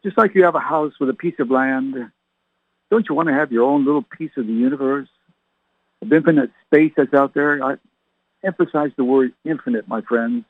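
A man's voice: medium pitch, moderate pace, slightly rough, no room sound. A man preaching as a reverend, firing rhetorical questions at his listeners and calling them his friends. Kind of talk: radio sermon. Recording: tinny phone-like radio sound, dry.

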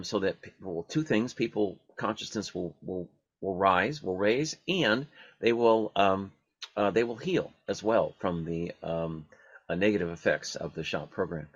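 A man with a lowish, husky voice hosts a radio talk show. He speaks haltingly, stopping often for fillers and restarts. The recording is dull and dry. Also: no room sound.

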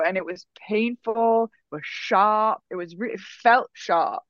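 A woman telling a personal story in a casual, animated way, full of fillers. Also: mid-range voice, measured pace, no room sound. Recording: dull, dry sound.

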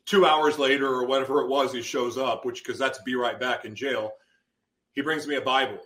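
A man's voice: mid-range voice, fairly even intonation, moderate pace, a bit bright. A man guest on a podcast, giving an intense personal testimony and acting out his past outbursts as he tells it.

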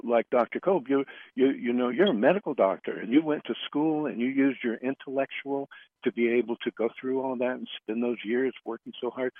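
A man's voice: medium pitch, no room sound. Earnest man on a tinny phone line. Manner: earnest, halting, circling back on phrases. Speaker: radio show guest, flower remedy practitioner. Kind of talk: storytelling in a radio interview.

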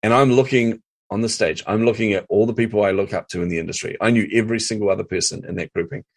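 A man's voice: lowish voice, quick pace. A middle-aged man, telling stories as a guest in an interview and acting out his own reactions. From New Zealand. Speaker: podcast guest, marketing coach. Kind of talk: storytelling interview chat.

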